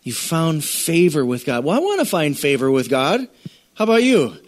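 A man's voice: a little high, huge pitch swings, moderate pace. A middle-aged man preaching a sermon in a conversational way, acting out scripture scenes and speaking straight to the congregation. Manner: conversational preacher, acts out scripture voices, addresses congregation directly. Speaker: pastor.

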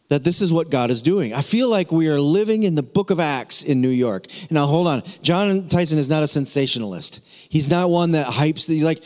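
A man's voice: on the high side, expressive, normal speed, darkish tone, big-room sound. A middle-aged man preaching a sermon as pastor, talking in a conversational way with joking asides and frequent restarts.

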